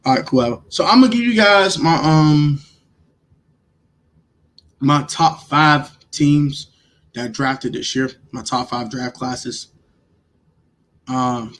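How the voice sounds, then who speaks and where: A livestream host grading draft picks reacts to viewers by name in a casual, emphatic way, swearing freely and repeating himself. His pitch is fairly high and his tone fairly bright.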